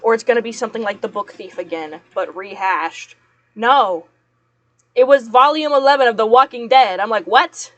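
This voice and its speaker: A woman's voice: fairly high pitch, moderate pace, a bit bright, no echo, highs cut off. A young woman chatting casually to her viewers while she works, rambling and laughing often. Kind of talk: casual chat while working.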